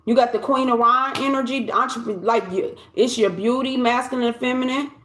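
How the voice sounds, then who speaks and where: A woman talks through a collective tarot reading, her voice sitting a little high. She speaks loosely and conversationally, circling back and restarting her phrases as she goes. The sound carries a noticeable room echo. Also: moderate pace, a bit bright, slight background noise. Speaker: tarot reader.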